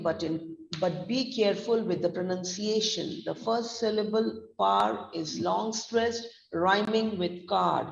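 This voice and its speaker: Slow echoey Indian English woman teacher. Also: medium pitch, vocal fry. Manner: slow, deliberate, spells out letters and mixes in Hindi. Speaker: pronunciation trainer. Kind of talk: recorded online lesson. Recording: echoey, distant, dull lo-fi sound.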